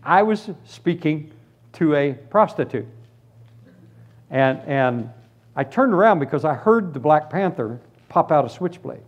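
Man, preacher, testimony story, animated, slightly high voice. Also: measured pace, slightly rough. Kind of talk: testimony sermon.

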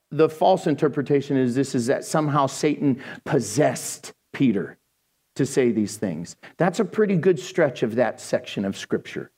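A male pastor preaching a sermon to a congregation, animated and jokey, often acting out voices. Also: medium pitch. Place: church before a congregation.

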